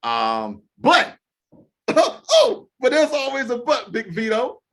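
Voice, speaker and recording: A man co-hosting a sports podcast in casual, animated talk over a remote call, acting out mocking quotes. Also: very high-pitched, takes it slowly. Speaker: podcast co-host.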